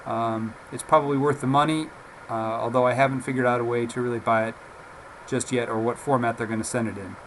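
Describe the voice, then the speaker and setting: A man talks through a software demo in a casual, unhurried way. He pauses often and fills the gaps with fillers. A faint hum sits under his voice. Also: mid-range voice, rough recording. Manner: relaxed, halting, with frequent "uh" fillers. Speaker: software reviewer.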